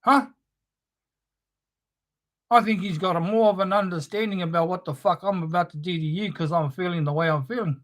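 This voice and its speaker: A man's voice: high-pitched, brisk, long pauses. A man giving an impassioned live-streamed monologue, preachy and confrontational, swearing heavily. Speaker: livestream host. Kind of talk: impassioned spoken-word monologue.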